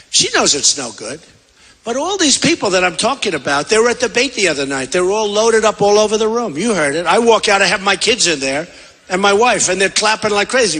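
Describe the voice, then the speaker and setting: Speaking a little fast with a breathy edge, a very animated candidate rambles through his rally speech, circling and repeating points. His high, bright, forceful voice rings out in a vast convention hall with lingering reverb.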